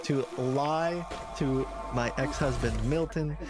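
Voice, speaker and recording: A man's voice: mid-range voice, slow, loud music behind the voice. A man streaming, casually planning aloud with a friend and laughing often. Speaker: streamer, scam baiter. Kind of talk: casual chat.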